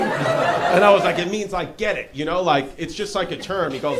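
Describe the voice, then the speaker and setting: Animated stand-up comedian before a laughing crowd. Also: male voice, sits high, fairly quick. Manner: rambling, self-mocking, animated storytelling. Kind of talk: stand-up set with crowd work. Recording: live club audio with crowd laughter and noise.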